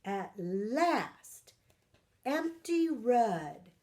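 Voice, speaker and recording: A woman reading a children's picture book aloud, animated, asking her young listeners questions and gasping for effect. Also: a little high, extremely slow. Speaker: parent partner reading storytime.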